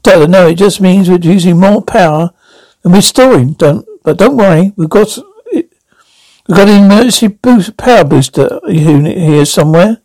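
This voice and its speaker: A man reading as a reassuring time-travel doctor in a sci-fi reading, high voice, dry sound. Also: normal speed, a little mellow, no echo, rough recording. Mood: fussing. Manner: coaxing, reassuring instructions. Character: calm, urgent male time-traveling doctor.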